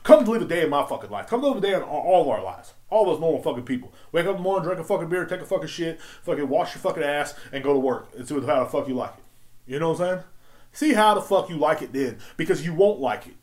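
A man's voice: a little high, lively intonation, fast talker, a little mellow. Profane, heated ranting man. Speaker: podcast host. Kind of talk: solo rant podcast.

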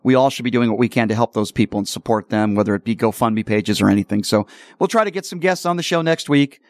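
A man hosting a political talk radio show, speaking combatively and slowing down to stress his points. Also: lowish voice, no room sound, studio quality. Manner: combative, slows down for emphasis.

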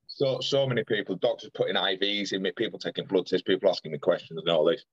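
Deep-voiced young man telling a story. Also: steady tone, fast, slightly rough, no echo, highs cut off. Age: young adult. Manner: earnest, detailed retelling with frequent restarts and quoted dialogue. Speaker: podcast guest. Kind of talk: personal storytelling in conversation.

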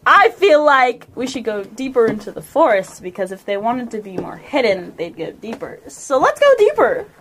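A woman playing a tabletop game with friends, giggly and excitable, laughing often. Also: fairly high pitch, moderate pace, few pauses, slight background noise. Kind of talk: casual tabletop role-play chat.

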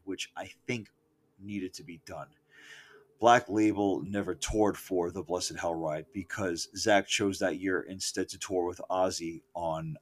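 A middle-aged man recalling a concert in a casual, profane and opinionated rant, full of asides, self-corrections and loud outbursts. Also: lowish voice. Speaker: concert reviewer. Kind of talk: casual spoken concert recollection.

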